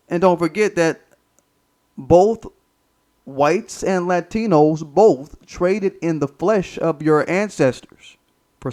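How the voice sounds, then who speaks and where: A man's voice: a little high, a little mellow. An American man hosting a commentary channel, delivering a political monologue in an emphatic, profane, repetitive and preachy way. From United States.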